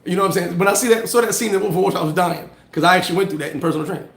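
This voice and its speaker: A man hosting a casual motivational livestream, telling animated stories in street slang and answering viewer comments. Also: sits high, racing, creaky, reverberant. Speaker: livestream host giving motivational talk. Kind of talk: casual motivational live chat.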